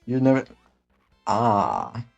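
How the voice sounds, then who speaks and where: Raspy gravelly guy doing a goofy gamer impression, deadpan nonsense and cussing, faint game music behind. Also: medium pitch, extremely slow, muffled recording. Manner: rambling absurd deadpan jokes, cursing frustrated outbursts. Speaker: gaming commentator. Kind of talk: comedic gameplay commentary, impression of a well-known gaming creator.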